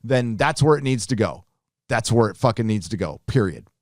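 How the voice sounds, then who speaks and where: A man's voice: on the low side, animated, brisk, darkish tone, dry recording, studio quality. A man hosting a live stream, reading viewer donations aloud and answering them with joking, profane, rambling asides. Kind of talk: casual live-stream chat.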